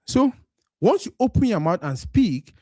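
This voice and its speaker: Cameroonian guy on a live stream, pidgin english accent, kinda high voice, dead dry close sound. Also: sing-song, measured pace, darkish tone, no room sound. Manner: mixes Pidgin and English, acts out quoted voices. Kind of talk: casual monologue.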